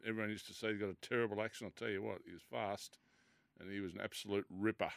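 A man's voice: fairly low pitch, steady tone, quick pace, gravelly, fairly bright tone, no room sound. An Australian man hosting a live racing radio show, chatty and leading each segment with a few fillers. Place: radio studio.

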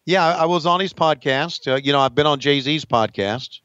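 A man hosting a podcast in casual chat, talking haltingly with many pauses and restarts. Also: a little high, fairly bright tone, clear, resonant tone, no room sound, lo-fi sound. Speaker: podcast host, wrestling announcer.

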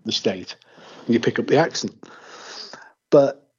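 A man's voice: mid-range voice, animated, unhurried, a little mellow, a little hiss or hum. An English man with an English accent, chatting casually and telling jokey, rambling stories. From England. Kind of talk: casual chat. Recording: muffled lo-fi recording.

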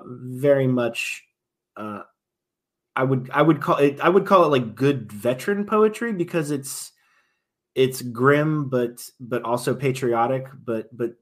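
A man's voice: mid-range voice, unhurried. A man, a military veteran, talking casually as a podcast guest, often restarting his sentences and swinging between emphatic and trailing-off delivery.

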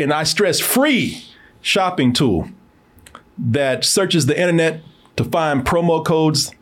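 A man hosting a casual online show, chuckling easily and talking straight to his viewers while reading a sponsor message. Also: on the high side. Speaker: host. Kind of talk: casual chat and sponsor read.

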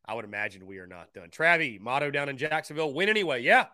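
A man's voice: mid-range voice, lively intonation, quick pace, bright, forceful tone, no echo, studio quality. A man hosting a call-in sports talk show, upbeat and fond of repeating phrases for emphasis. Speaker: sports radio show host.

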